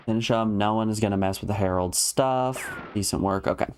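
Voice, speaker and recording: Wry low-voiced male game streamer. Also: a little fast, darkish tone, a little hiss or hum. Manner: wry, joking, thinking aloud. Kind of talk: casual gameplay commentary.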